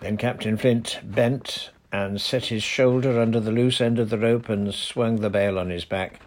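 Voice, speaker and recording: A man reading a children's novel aloud as narrator, lively and expressive. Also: on the low side, normal speed.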